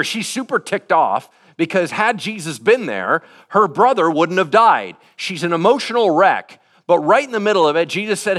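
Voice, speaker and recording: Lively, casual male preacher. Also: a little high. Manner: casual, conversational preaching with acted-out quotes. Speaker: pastor. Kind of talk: sermon.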